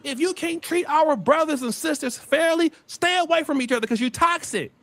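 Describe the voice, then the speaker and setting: Brief: high-pitched, animated male streamer; preachy, confrontational, recorded dry. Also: normal speed, no room sound. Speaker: livestream host. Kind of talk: heated livestream commentary.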